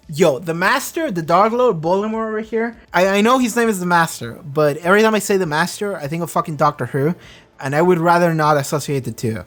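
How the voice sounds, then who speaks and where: A reactor giving rambling, enthusiastic, profanity-laced casual commentary on a show. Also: mid-range voice.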